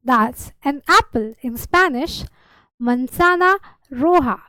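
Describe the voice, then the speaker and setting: A woman's voice: high voice, expressive, slow pace, bright, forceful tone, dry recording, poor audio. A woman patiently teaching a beginner lesson, repeating words and giving simple examples. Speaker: language teacher.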